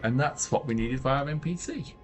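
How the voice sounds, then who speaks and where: A British man streaming a game live, his voice a touch scratchy and mostly low and muttered. His pitch sits mid-range for a man. Faint music plays behind him. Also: fairly quick. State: scratchy throat. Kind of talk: casual live gameplay commentary.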